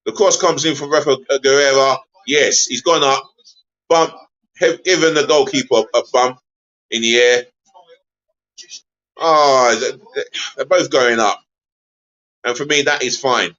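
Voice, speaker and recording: A man hosting a live football watch-along stream, chatty and easily exasperated, giving viewers shout-outs. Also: mid-range voice, unhurried, long pauses, dull audio.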